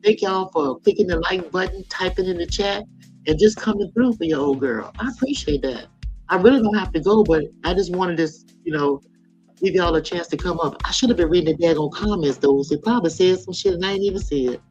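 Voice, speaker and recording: A woman's voice: on the low side, lively intonation, brisk, darkish tone, lo-fi sound, faint music behind. A woman in her sixties hosting a casual live chat, talking frankly in a folksy way and laughing often. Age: 60s. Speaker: live stream host.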